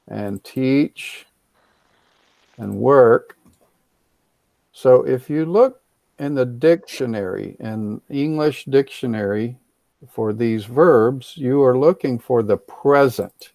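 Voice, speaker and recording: A man's voice: mid-range voice, vocal fry, a little mellow, no room sound. A man teaching an online English class over a video call, patiently explaining and repeating, and slipping in the odd Spanish word. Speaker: ESL teacher.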